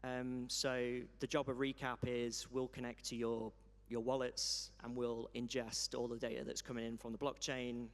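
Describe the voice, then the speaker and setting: A man on a conference panel, explaining his company's software in a plain, matter-of-fact way. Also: mid-range voice, little pitch movement, normal speed. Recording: reverberant conference hall.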